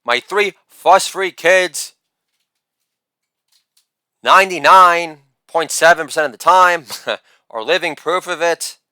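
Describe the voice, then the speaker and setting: A middle-aged man performing a boastful, theatrical stand-up comedy monologue with shouted catchphrases. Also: on the high side, slow, pauses often, smooth, no room sound, studio quality.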